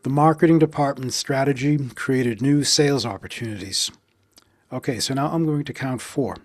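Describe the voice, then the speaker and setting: A man's voice: mid-range voice, no echo. Dry-voiced man teaching pronunciation. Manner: deliberate, spells out stress beats slowly when counting. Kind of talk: instructional explanation with slow practice drills.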